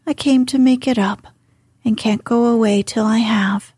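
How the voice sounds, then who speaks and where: A frank, spirited young woman , read by a woman in a soft whispered role-play. The voice sits a little high, breathy and mellow, and moves at an unhurried storybook pace. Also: fairly even intonation, dry recording, clean studio sound. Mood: coaxing.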